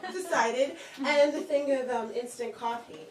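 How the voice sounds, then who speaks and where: Young female storyteller, high and lively, echoey bar room. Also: normal speed, a crowd in the background. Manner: chatty, laughing, animated. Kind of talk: live storytelling. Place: small bar performance room. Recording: echoey room, distant mic.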